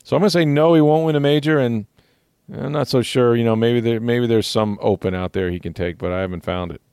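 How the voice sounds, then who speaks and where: A man's voice: mid-range voice, brisk, darkish tone, clean tone, dry recording, studio quality. A man hosting a sports podcast, chatting casually and rambling with fillers and easy laughs. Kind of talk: casual chat.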